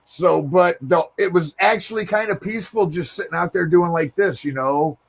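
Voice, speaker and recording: A man who served in the army, co-hosting a casual live stream and telling relaxed stories with casual swearing. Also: high-pitched, normal speed, creaky. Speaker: podcast co-host, army veteran.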